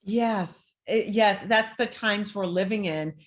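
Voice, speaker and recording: A woman's voice: mid-range voice, slow pace. A woman, a life coach talking as an interview guest and acting out the voices she quotes. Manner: animated, acts out quoted voices. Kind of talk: conversational interview.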